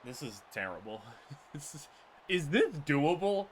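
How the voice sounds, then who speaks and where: A gaming channel host giving live play-by-play commentary on a football video game, excitable and exasperated, often laughing in disbelief. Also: medium pitch, unhurried, background noise.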